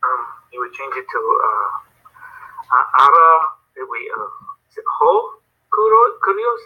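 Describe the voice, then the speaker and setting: A man answering as a student in a lesson, halting and unsure, with many fillers. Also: mid-range voice, big pitch swings, husky, phone-quality sound.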